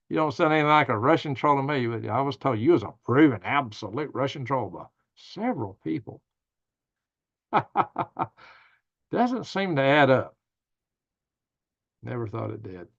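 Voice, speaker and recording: Gravelly man hosting a casual livestream. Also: medium pitch, dull audio. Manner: reads viewer comments aloud and answers them; rambling, thinking aloud. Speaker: livestream news host.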